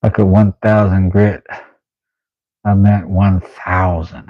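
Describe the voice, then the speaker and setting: A middle-aged man hosts a relaxed woodworking livestream, bantering playfully as he sharpens a blade and slipping into silly, high sing-song voices. He talks slowly with little pitch movement; there's no echo, but the highs are cut off.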